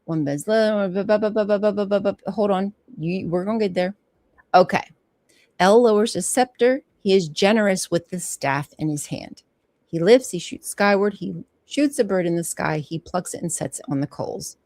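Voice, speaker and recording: A woman hosting a casual livestream, reading old myths aloud and breaking off for frank, animated commentary with the odd swear word. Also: mid-range voice, moderate pace, no echo.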